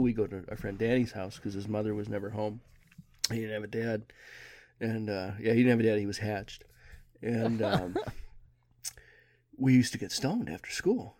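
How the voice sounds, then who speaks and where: A man's voice: fairly low pitch, a little mellow. A man co-hosting a podcast, telling stories in a laid-back casual chat with dry humor and frequent swearing. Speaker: podcast co-host.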